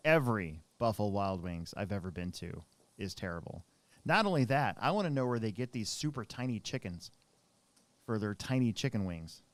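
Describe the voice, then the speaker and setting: A man's voice: on the low side, expressive, normal speed, dry recording. A man in his thirties hosting a podcast, telling a long rambling story in casual chat with many restarts. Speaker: podcast co-host.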